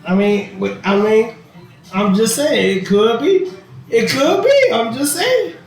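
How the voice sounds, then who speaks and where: A man's voice: extremely high pitch, takes it slowly, gravelly, soft background music. A man hosting a podcast, telling a funny story in casual chat, laughing and acting out what people said. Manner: animated storyteller, laughing, swearing, acts out quotes. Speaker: podcast host. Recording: very echoey room.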